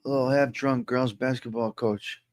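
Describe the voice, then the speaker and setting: A man's voice: medium pitch, fairly even intonation, unhurried, soft background music. A man hosting a casual live-stream chat, talking to viewers and repeating his points with emphasis. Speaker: host.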